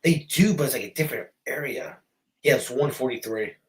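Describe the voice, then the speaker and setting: A man co-hosting a casual late-night chat, telling stories in an animated, laughing, profane way. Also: medium pitch, brisk, distant mic, low-quality recording. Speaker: co-host.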